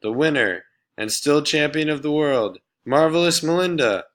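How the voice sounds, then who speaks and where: A man reading a storybook aloud, voicing a bossy, loud schoolgirl who teases and shouts. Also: unhurried, lightly acted. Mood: shouting. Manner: shrill, teasing, loud.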